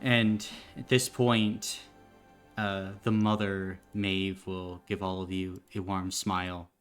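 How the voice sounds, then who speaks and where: A woman game master narrating a tabletop game in a hesitant way, with many fillers and pauses. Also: rumbling low, steady tone, faint music behind.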